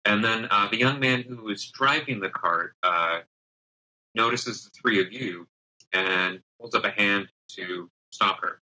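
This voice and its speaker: Bright-voiced male game master. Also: lowish voice, low-quality recording. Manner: halting, many fillers. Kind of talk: narrating a tabletop game.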